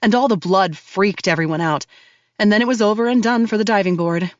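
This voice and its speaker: Woman voicing a quiet, casual homeowner. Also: medium pitch, dry recording, close to an everyday voice. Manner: casual, unhurried. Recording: dull, dry studio read.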